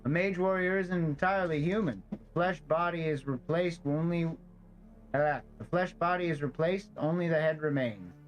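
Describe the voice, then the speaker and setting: A man's voice: on the high side, moderate pace, lightly acted, rough recording. A man putting on a stiff robot soldier voice. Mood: grave. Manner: stiff, flat robot-like reading. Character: weary male soldier, living head on a mechanical body.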